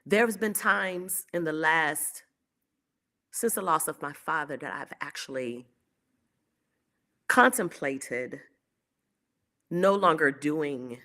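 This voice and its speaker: Woman, bright voice, low-pitched, candid heartfelt storytelling, talks to her viewers like family. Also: slow pace, pauses often. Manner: candid and emotional, acts out quoted voices. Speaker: online show host.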